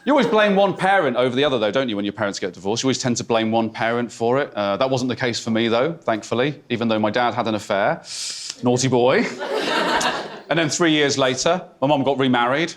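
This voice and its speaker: A medium-pitched man talks fast with lively intonation during a stand-up set on a theatre stage, backed by background noise and loud crowd laughter. His delivery is hesitant, awkward and mock-intimate, broken by sudden outbursts.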